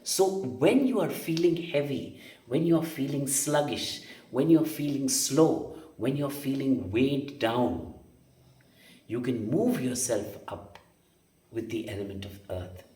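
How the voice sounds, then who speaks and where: A man's voice: mid-range voice, animated, slow, mellow. A man teaching energy healing and meditation, emphatic and repetitive, often asking rhetorical questions. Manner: emphatic, repeats phrases, asks rhetorical questions. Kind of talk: spoken meditation lesson. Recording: roomy sound from a distance.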